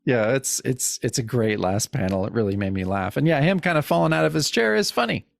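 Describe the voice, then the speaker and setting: Brief: gravelly man, podcast co-host, easygoing, laughs while reading, dry close sound. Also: medium pitch, animated, fairly quick, dry recording. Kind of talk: casual chat, reading comic panels aloud.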